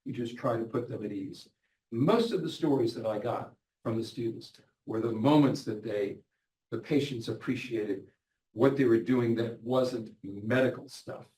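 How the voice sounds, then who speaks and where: A man's voice: medium pitch, measured pace, darkish tone. A middle-aged man giving a lecture, earnestly retelling patients' stories in their own words. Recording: echoey hall, mic at a distance, faint noise.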